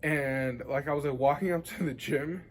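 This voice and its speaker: A man's voice: a little high, moderate pace. Rambling, profane young man. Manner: rambling, profane, heavy on filler words. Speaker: vlogger. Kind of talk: casual monologue to camera.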